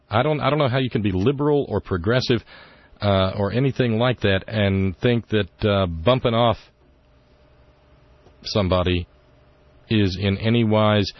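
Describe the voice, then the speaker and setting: A man's voice: on the low side, no echo, lo-fi sound. A man hosting a talk radio show, with wry, rambling opinion talk and sarcastic asides, at a studio microphone.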